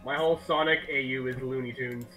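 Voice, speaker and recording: A man's voice: mid-range voice, fairly even intonation, a little fast, bright, forceful tone, soft background music. A man in his twenties, joking around dramatically in a casual group voice call. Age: 20s. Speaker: stream guest.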